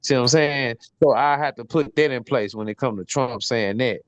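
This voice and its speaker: A man's voice: medium pitch, moderate pace, dry recording. A man hosting a podcast panel, talking casually and urging viewers to like, share and subscribe. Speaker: podcast host.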